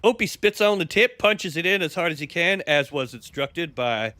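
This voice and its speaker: A man's voice: fairly high pitch, animated, moderate pace, bright, forceful tone. A man narrating an improvised role-play story with friends on a live stream. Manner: storytelling, breaks into laughter. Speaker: streamer guest.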